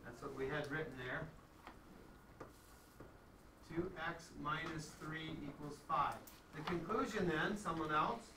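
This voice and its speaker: Unhurried and prone to long pauses, a man whose voice sits on the high side leads a conversational math lecture, often checking in with his students. Background noise runs through the echoey classroom recording, made from far off.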